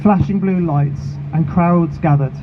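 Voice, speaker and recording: A man, founder of a charity, giving an earnest, measured and emotional prepared speech at an outdoor protest rally. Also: a little high. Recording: phone-like sound with clear street noise.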